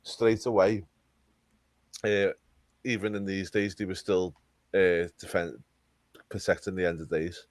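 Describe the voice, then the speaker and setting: Deep-voiced man, dry sound. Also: flat delivery, unhurried, pauses often, no echo. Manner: enthusiastic, rambling, repeats for emphasis. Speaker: podcast co-host. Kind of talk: casual wrestling review chat.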